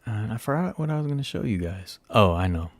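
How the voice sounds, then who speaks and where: A man's voice: lowish voice, expressive, fairly quick, no room sound. A man hosting a casual livestream, rambling and joking at himself as he chats with viewers. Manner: rambling, self-mocking, talks to viewers while searching. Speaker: livestream host.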